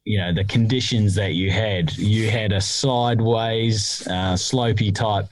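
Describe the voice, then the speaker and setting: A man with a fairly low voice talks through a rule in a relaxed podcast chat. He pauses and restarts as he thinks, and the sound is dry and close. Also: no echo. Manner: hesitant, restarts often with fillers while explaining. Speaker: podcast co-host explaining golf rules.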